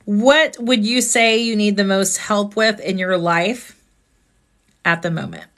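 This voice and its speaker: A woman's voice: mid-range voice, a little slow, fairly bright tone. A woman host on a live stream, talking earnestly and asking reflective questions about grief.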